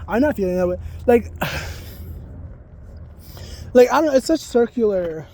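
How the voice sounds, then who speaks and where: High-voiced man ranting outdoors, profane. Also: lively intonation, moderate pace, gravelly, a little mellow. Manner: profane, heated, rambling. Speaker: psychic reader and spiritual content creator. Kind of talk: casual vlog rant. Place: outdoors near geese.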